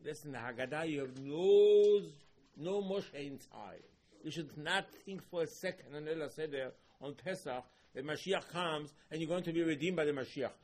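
A rabbi giving a sermon in English laced with Hebrew terms, swinging between hushed and emphatic delivery. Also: male voice, on the high side, moderate pace.

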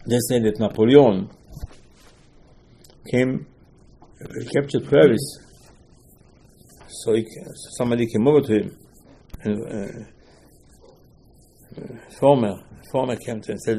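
Man, Torah lecture, animated storytelling, rhetorical questions, husky, mellow. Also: mid-range voice, normal speed, pauses often. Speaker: rabbi.

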